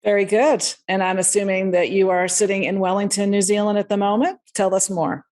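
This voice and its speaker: A woman's voice: medium pitch, little pitch movement, fairly quick, darkish tone. A woman hosting a podcast interview, upbeat and conversational as she welcomes listeners and asks her guest questions. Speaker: podcast host.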